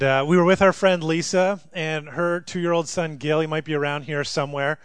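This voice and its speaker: A male pastor with a fairly high voice preaches to a congregation in a relaxed, storytelling way, full of light humor. The sound is close and dry, with no room echo. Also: clear, resonant tone. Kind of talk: sermon with storytelling. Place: in front of a live congregation.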